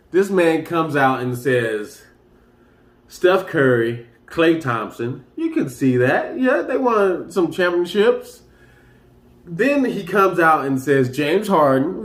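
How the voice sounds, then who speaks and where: A man's voice: a little high, reverberant. A man hosting a casual sports talk show, rambling loosely and getting hyped as he runs through the news. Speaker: sports commentary host.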